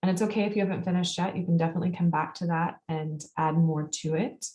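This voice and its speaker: A woman facilitator with a lowish voice leads an online group through a guided release exercise. She talks calmly, pausing between repeated prompts and breathing cues. Her voice comes through with a roomy echo. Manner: calm, guiding, repeats prompts with pauses. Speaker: workshop facilitator and coach. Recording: echoey room sound.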